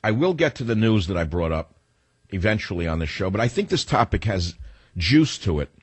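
A low, husky male voice, dry and close to the mic, running a talk radio show. He is in his sixties and rants in a combative, rambling way, drifting off into side stories. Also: big pitch swings, a little fast, no room sound. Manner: combative, rambling, digressive storytelling. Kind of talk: opinionated talk radio monologue.

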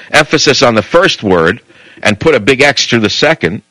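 A male talk radio host rants bluntly and combatively. His voice is bright and forceful. It sits close and dry in the studio, with no room sound. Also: medium pitch, very animated, fairly quick, no room sound, low-quality recording.

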